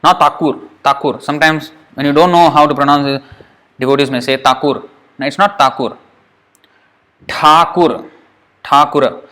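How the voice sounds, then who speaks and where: A man teaching Sanskrit pronunciation in a relaxed lesson. He repeats each sound several times and thinks aloud. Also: on the high side, brisk. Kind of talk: informal lesson drilling sounds.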